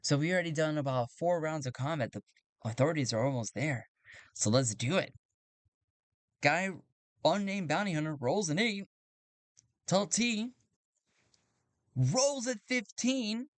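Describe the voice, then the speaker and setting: A man narrating a solo tabletop game, thinking aloud and getting excited over dice rolls. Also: a little high, a little slow, long pauses, no echo. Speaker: solo game player and game master.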